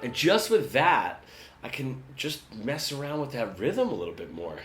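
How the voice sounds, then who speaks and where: A man's voice: medium pitch, sing-song, moderate pace, heavy background noise. Man explaining a guitar lesson. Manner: conversational, often asks "right?". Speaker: guitar teacher. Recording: roomy sound with guitar.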